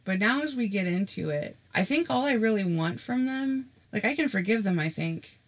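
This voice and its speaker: A co-host on a casual podcast, with a strongly gravelly, creaky voice. They speak earnestly and reflectively, at a middle pitch. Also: expressive, moderate pace.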